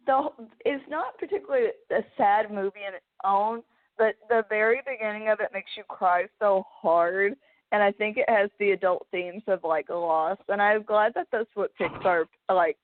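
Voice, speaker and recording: A woman's voice: mid-range voice, moderate pace. Young woman host rambling in casual chat, lots of restarts, sounds thin and phone-like. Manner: rambling, emotional, many restarts. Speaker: podcast host. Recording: phone-like narrow band.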